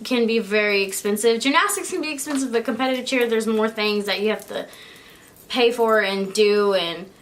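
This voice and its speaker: A woman's voice: on the high side, moderate pace, fairly bright tone, a little hiss or hum. A young woman vlogging in a casual, chatty way, giggling often and filling her talk with "like" and "um". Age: young adult. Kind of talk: casual chat.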